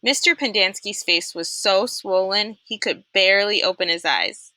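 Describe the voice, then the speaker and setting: Young woman reading a kids' novel out loud, super bright voice, lively, does the character voices. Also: medium pitch, moderate pace, hardly any pauses, no room sound. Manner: expressive, animated reading that puts on voices. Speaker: storyteller reading a chapter book aloud. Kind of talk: read-aloud of a children's novel.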